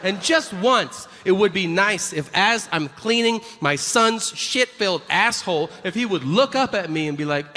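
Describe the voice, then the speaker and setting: A man's voice: animated, normal speed, hardly any pauses, bright, forceful tone, some chatter behind. A middle-aged man doing a stand-up comedy set, profane, acting out both sides of conversations. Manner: profane, acts out both sides of dialogues with low voices. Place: comedy venue stage. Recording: live stage set with long reverb and faint room noise.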